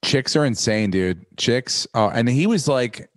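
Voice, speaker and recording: Dude ranting on a podcast, swears a lot, rambles, dead dry mic. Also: male voice, mid-range voice, a little slow, no echo. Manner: profane, rambling, animated rants. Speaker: podcast host. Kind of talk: casual podcast chat.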